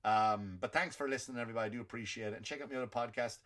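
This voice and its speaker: Racing through a loose, stand-up-style rant, an Irish comedy podcast host keeps repeating words and starting over. He alternates between loud outbursts and low mutters.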